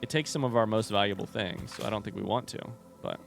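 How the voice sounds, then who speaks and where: A young man from the United States chatting casually while playing a game on a livestream, thinking out loud in a rambling, distracted, self-deprecating way. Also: on the low side, fast, gravelly, faint music behind. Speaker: streamer.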